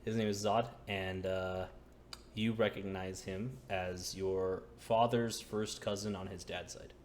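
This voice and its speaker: Low-voiced, laid-back dungeon master. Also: male voice, flat delivery, unhurried, darkish tone, slight background noise. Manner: laid-back, frequent laughs and fillers. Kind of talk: narrating a tabletop game.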